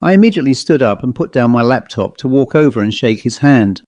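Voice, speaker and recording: An English man narrates a first-person ghost story, measured and descriptive. His voice is mellow and warm at a middling pitch. The recording is dry and close, like a home audiobook. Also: expressive, no echo, dull audio. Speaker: author reading his own story.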